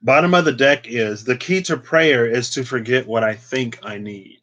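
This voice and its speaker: A man's voice: medium pitch, moderate pace, a bit bright, low-quality recording. Chatty man giving a tarot reading. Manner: chatty, lots of "like" and playful asides. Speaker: tarot reader.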